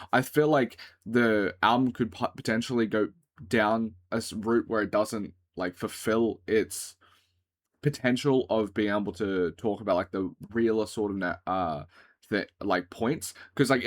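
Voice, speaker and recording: An Australian man hosting a music reaction, talking casually in a rambling way with lots of filler words and casual swearing. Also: lowish voice. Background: album music playing faintly.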